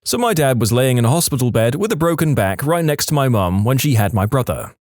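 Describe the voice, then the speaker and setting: A man narrating short funny stories in a lively storytelling manner, now and then dropping into quick comic voices for quotes. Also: mid-range voice, dry recording, clean studio sound. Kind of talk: scripted narration.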